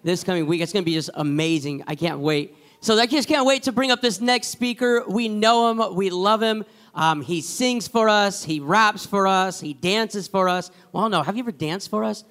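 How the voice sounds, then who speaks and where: A man's voice: high-pitched, normal speed, hardly any pauses, fairly bright tone. A man hosting a church gathering, thanking one speaker and introducing the next with jokes and enthusiasm. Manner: enthusiastic and joking.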